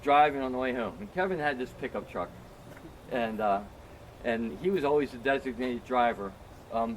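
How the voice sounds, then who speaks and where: Among friends, a middle-aged man with a mid-range voice spins a casual, self-mocking story that wanders and leans heavily on fillers like "um" and "you know." There's slight background noise.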